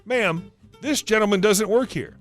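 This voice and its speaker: A man voicing a calm, formal store manager. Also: sits high, unhurried, faint music behind, pitched above the performer's own voice. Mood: polite. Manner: formal and courteous.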